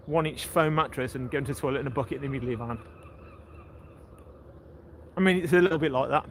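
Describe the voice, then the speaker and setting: Man, walking-stream host, slightly higher voice, jokey and chatty, phone mic with street noise and cars behind. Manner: chatty, jokey, greets passersby warmly. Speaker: livestream host. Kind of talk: casual walking livestream chat. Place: outdoors on a coastal town street. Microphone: handheld phone while walking. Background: street ambience and passing vehicles.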